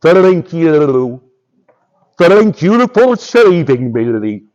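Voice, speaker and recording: A man's voice: on the high side, sing-song, very slow, darkish tone, muffled recording, heavily acted. A man doing a thankful talking fish. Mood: grateful.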